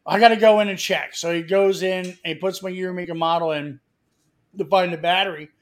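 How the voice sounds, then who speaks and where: A man with a high voice hosts a radio talk show and spins a long, swear-filled story. He acts out each person's lines as he tells it. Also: fairly quick. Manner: animated, acts out other people's lines. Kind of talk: profane storytelling chat.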